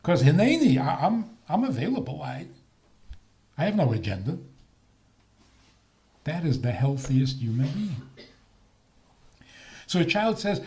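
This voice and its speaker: Slow, animated older rabbi. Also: male voice, on the high side. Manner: animated, joking, rhetorical questions. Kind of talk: talk on faith.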